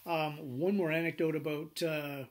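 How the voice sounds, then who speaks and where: A man teaching a business class, telling personal anecdotes in a lively way and acting out the dialogue. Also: fairly high pitch, unhurried. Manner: animated storyteller acting out quoted dialogue. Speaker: business instructor.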